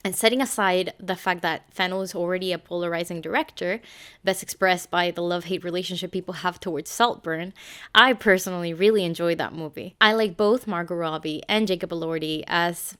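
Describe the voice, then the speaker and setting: Young woman, scripted book review, low smooth voice, measured and steady.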